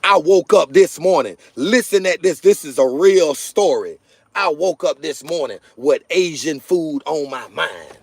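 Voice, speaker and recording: A high-pitched man rants at his viewers in a repetitive, emphatic, preaching cadence. He talks into a phone camera while sitting in and stepping out of his car. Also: animated, measured pace, creaky, no echo. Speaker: political vlogger. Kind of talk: preachy political rant to viewers. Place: in a car, then stepping outside.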